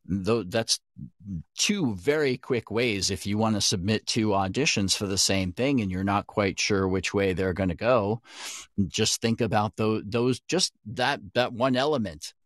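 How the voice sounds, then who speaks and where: Low-voiced man coaching, dry sound. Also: unhurried, fairly bright tone, no room sound. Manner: explains with many restarts and self-corrections. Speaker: podcast guest, voice coach. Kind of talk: casual chat.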